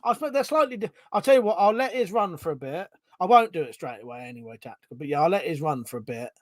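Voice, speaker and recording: A rambling, chatty man with a Home Counties English accent, hosting a relaxed livestream and chuckling between thoughts. His voice sits a little higher than most men's. It is recorded close and dry, with no room echo. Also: quick pace. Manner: rambling, chatty, chuckles often, swears casually. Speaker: livestream host. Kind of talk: casual livestream chat, reading out viewer comments.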